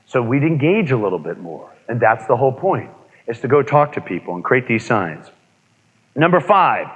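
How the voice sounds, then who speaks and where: A man giving a live motivational seminar, energetic, asking the room questions and repeating key points. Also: medium pitch, moderate pace, husky. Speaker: motivational speaker. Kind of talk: live seminar talk to an audience. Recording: dull lo-fi audio with long reverb.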